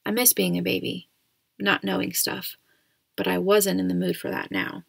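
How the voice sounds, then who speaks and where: Casting: female audiobook reader, steady, slight vocal fry. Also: on the low side, normal speed, no room sound. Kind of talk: storybook narration.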